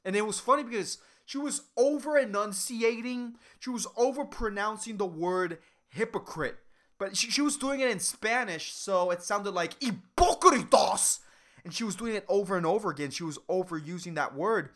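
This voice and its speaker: A woman's voice: mid-range voice, normal speed. A woman hosting a solo podcast rant, rambling, swearing a lot and cutting herself off, over-caffeinated. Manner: profane, rambling, excitable, self-interrupting. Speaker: podcast host.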